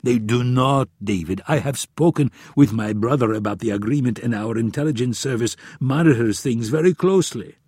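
A man's voice: medium pitch, moderate pace, few pauses, darkish tone, husky, no echo, studio quality, lightly acted. A man voicing a confident, naive adult prince in an audiobook, raising his voice above his own narration. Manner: confident, self-assured.

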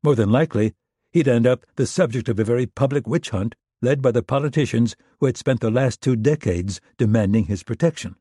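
A man narrating a thriller audiobook in a steady, measured, understated read. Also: medium pitch, husky, no echo, clean studio sound.

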